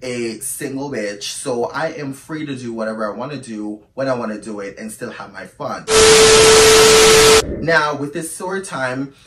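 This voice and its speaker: A man's voice: medium pitch, moderate pace, recorded from a distance, background noise. A man chatting expressively to his viewers in a casual storytime monologue. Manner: chatty and expressive, calls listeners "girl". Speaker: storytime YouTuber. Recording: roomy echo, away from the mic.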